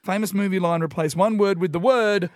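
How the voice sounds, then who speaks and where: A man's voice: sits high, brisk, heavy background noise. A man with an Australian accent hosting a radio show, bantering playfully with callers. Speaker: radio host. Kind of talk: casual radio chat.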